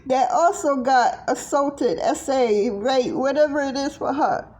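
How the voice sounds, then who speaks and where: Woman, tarot reader, high-pitched, middle-aged, blunt, profane, impassioned. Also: unhurried, darkish tone. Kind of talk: tarot reading monologue to viewers.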